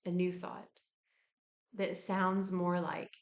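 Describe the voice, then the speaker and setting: A woman giving a casual self-help talk, relaxed and frank, with casual swearing. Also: lowish voice, takes it slowly, creaky, echoey room. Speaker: wellness speaker.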